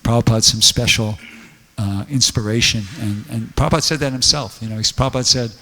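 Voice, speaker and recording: A man's voice: medium pitch, fairly even intonation, fast, bright, forceful tone, long reverb tail. A man giving a casual scripture class, telling stories in a rambling way with many fillers. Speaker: temple lecturer. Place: temple hall.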